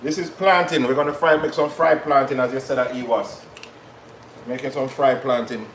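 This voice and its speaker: A man's voice: mid-range voice, steady tone, normal speed, echoey room, slight background noise, low-quality recording. A man hosting a live cooking stream from a kitchen, chatting casually with viewers as he cooks. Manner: chatty, patois-tinged asides to viewers. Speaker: cooking show host.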